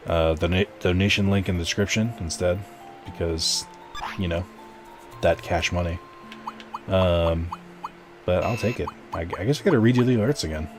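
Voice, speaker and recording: A man streaming a game and chatting with viewers in a rambling, casual way, full of fillers and restarts. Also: sits low. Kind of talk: casual live-stream chat while gaming.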